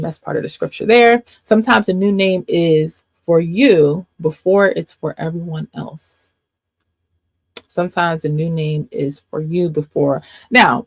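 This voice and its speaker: A woman coach giving a casual faith teaching to camera, emphatic and repeating her points with quick asides. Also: on the low side, dry recording.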